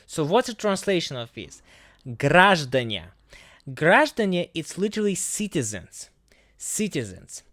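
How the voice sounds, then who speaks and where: A man with a Russian accent teaching the language, reading example words slowly and deliberately. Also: high-pitched, very animated, fairly bright tone, dry recording, studio quality. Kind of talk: language lesson explaining a sign.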